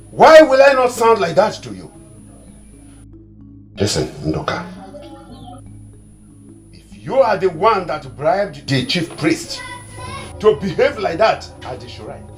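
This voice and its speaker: A man's voice: sits high, heavily acted. A Nigerian man playing a desperate man who pleads and stammers to become king. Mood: angry. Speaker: son and would-be king. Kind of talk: Nollywood film acting.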